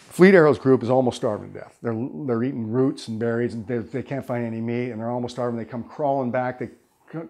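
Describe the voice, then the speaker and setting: A man, a sales trainer, telling a parable in a lively, conversational way. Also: mid-range voice. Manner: animated, conversational storytelling.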